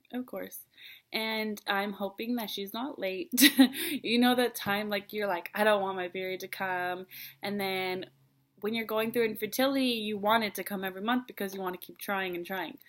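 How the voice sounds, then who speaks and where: A woman's voice: mid-range voice, bright, forceful tone. A young woman talking to camera in a personal vlog, chatty and earnest with many ums, at times tearful. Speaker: vlogger. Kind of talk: personal vlog, casual confiding talk.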